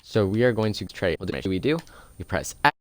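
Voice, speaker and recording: A young man casually explaining a football video game's defensive plays step by step, chatty and relaxed, recorded at home on a close desk mic. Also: sits low, fairly quick, dry recording. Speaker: gaming video creator. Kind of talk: casual gameplay tutorial.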